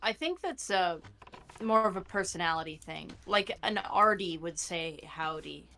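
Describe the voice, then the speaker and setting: A young woman chatting casually while playing an online game with a friend, talking in a lively way and acting out short quotes as she tells a story. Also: fairly low pitch, measured pace, a little hiss or hum. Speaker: streamer's co-player. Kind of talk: casual chat while gaming.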